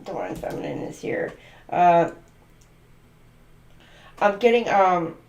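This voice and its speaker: A woman's voice: on the low side, big pitch swings, takes it slowly, a little mellow, reverberant. A woman doing a channeled tarot reading, musing aloud and free-associating letters, numbers and words. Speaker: tarot reader.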